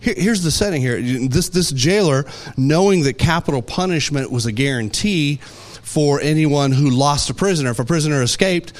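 A man preaching a sermon, telling stories with animated delivery and acting out voices. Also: on the high side, moderate pace. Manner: animated storytelling, acts out voices. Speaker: pastor.

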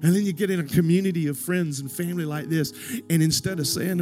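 A man's voice: high voice, quick pace, a little mellow. Middle-aged man, pastor, storytelling sermon, voices his characters, climbs to emphatic urging, music bed underneath. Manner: storytelling, acts out quoted voices, rising to emphatic exhortation. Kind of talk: sermon with personal stories.

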